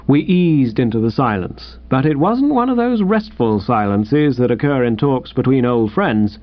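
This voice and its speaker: A man narrates a comic first-person tale, playful and animated, his pitch bouncing all over. The recording sounds dull and lo-fi. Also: normal speed, few pauses, no room sound. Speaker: audiobook reader.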